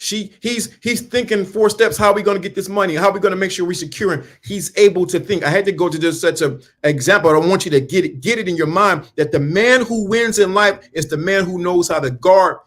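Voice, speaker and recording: Man, motivational talk, preacher-like, repeats himself for emphasis, slangy, a bit high-pitched. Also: fairly quick, few pauses, fairly bright tone. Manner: emphatic, repeats lines, asks the listener questions; casual slang, calls listeners brother. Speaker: speaker on mindset and dating.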